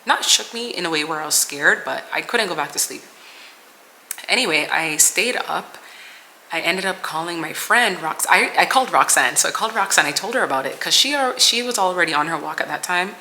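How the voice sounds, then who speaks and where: A woman's voice: fairly low pitch, lively intonation, brisk, pushed and bright, slight background noise, low-quality recording. A young woman vlogger sharing a personal testimony in an earnest, rambling way, full of "like" and "you know.". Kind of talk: personal testimony, casual storytelling.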